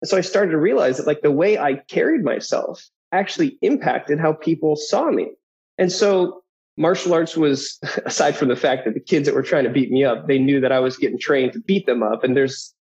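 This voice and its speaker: A man in his thirties, a guest telling personal stories in an animated way, who often acts out the voices of people in his anecdotes. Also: a little high, normal speed. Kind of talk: personal storytelling. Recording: dull lo-fi audio.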